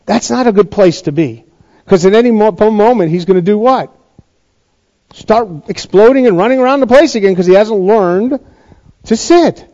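A man's voice: high-pitched, moderate pace, mellow, highs cut off. A male pastor giving a sermon in a chatty, conversational way, often restarting his sentences.

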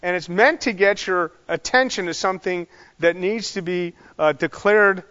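A man's voice: high-pitched, moderate pace, bright, forceful tone, clear, resonant tone. A man teaching a Bible class in a loose, conversational way, full of fillers and asides. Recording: dull sound in a large reverberant hall.

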